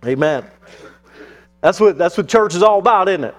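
A man's voice: high-pitched, expressive, moderate pace, a crowd in the background, noisy background. A male pastor telling a mission story in a sermon, with fillers and restarts. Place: church.

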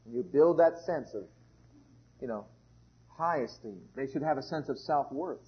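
A man preaching a sermon with fervor, going from loud exclamations down to low murmurs. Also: animated, a little slow, long pauses. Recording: muffled lo-fi sermon recording.

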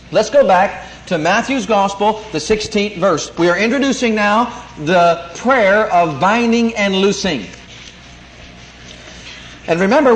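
High-voiced preacher in an echoey hall. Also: male voice. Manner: emphatic, calls for amens. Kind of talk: sermon teaching. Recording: echoey room, faint noise.

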